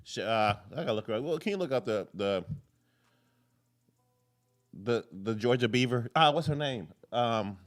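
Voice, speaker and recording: A man's voice: medium pitch, animated, moderate pace, pauses often, faint music behind. A man hosting a live political commentary show, talking casually, rambling off on tangents and cursing freely. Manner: rambling, jumps between tangents, curses freely.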